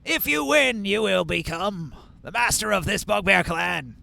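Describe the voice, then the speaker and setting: A man voicing a bugbear clan's bard and announcer, who makes slow, loud, formal proclamations. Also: high-pitched, animated, vocal fry, pitched above the performer's own voice, exaggerated voice. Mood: proclaiming.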